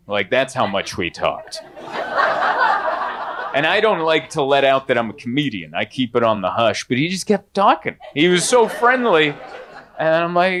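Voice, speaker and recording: A man's voice: a little high, expressive, background noise. Man doing a laid-back stand-up set. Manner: conversational storytelling, acts out others in quick voices. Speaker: stand-up comedian. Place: comedy club stage before a laughing audience.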